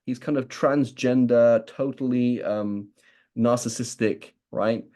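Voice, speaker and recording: A man's voice: mid-range voice, fairly even intonation, slow, mellow. A man with a British accent giving a conversational religious lesson, often asking "right?" and acting out what people might say. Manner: keeps asking "right?", acts out imagined speakers. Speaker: religious teacher.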